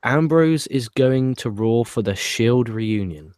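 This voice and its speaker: A man's voice: mid-range voice, expressive, takes it slowly, darkish tone, no echo, studio quality. A man with a British accent co-hosting a casual wrestling podcast, reading out viewer comments with wry, dismissive asides. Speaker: podcast co-host.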